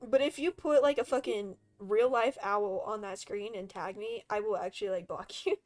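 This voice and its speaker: A woman's voice: mid-range voice, normal speed, faint music behind. A young woman streaming and chatting casually with friends, talking animatedly, swearing freely and laughing often.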